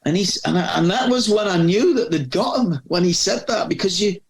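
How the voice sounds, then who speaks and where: Gravelly, animated male storyteller. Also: high-pitched, a little fast. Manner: rambling storyteller with frequent restarts. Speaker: podcast guest, former magazine editor. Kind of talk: casual anecdotal chat.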